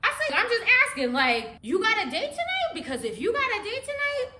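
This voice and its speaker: A young woman telling a wild personal story in a storytime vlog, laughing often and swinging between hushed and loud. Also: extremely high pitch, wildly swooping pitch, a little fast, roomy sound.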